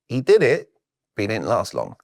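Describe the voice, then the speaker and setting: A man's voice: on the low side, normal speed, vocal fry, no room sound, studio quality. A middle-aged British man with a British accent, a sales coach who talks as a podcast guest and acts out the conversations he recalls. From Britain. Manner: animated storyteller who acts out quoted exchanges.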